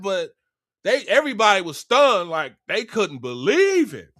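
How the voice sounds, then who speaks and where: A man retelling a Bible story in a casual, slangy and animated way. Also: sits high, measured pace.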